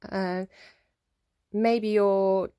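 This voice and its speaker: A woman's voice: mid-range voice, fairly even intonation, extremely slow, dark tone. Rambling woman reading tarot. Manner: rambling, thinking aloud with many fillers. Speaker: tarot reader. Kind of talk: casual solo tarot reading.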